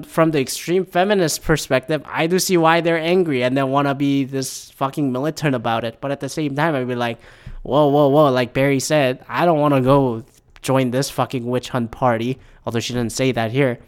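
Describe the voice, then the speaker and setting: A man's voice: fairly high pitch, a bit bright. A young man in a casual, rambling opinion rant, heated and full of profanity.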